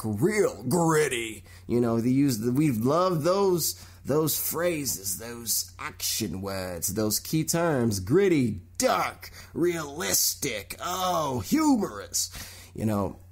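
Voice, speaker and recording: Animated young man talking movie news. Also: mid-range voice, husky. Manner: animated, mimics people in quick put-on voices. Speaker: radio show host. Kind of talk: solo commentary on movie news.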